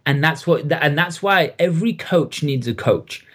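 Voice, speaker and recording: A man with an English accent, a coach speaking as a guest on a podcast interview with enthusiastic, animated delivery. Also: fairly high pitch, moderate pace.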